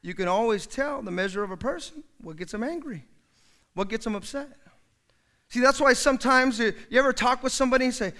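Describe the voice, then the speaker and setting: A male pastor delivers a sermon in a strikingly high voice. His tone is bright and ringing. He acts out the people he quotes with big, loud outbursts. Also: fairly quick.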